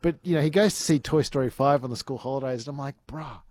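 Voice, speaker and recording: A man's voice: mid-range voice, racing, a little mellow, dry recording. A young man co-hosting a radio show, talking in a jokey, rambling way and often restarting his sentences. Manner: rambling, self-interrupting, jokey. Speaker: radio co-host. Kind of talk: casual radio chat.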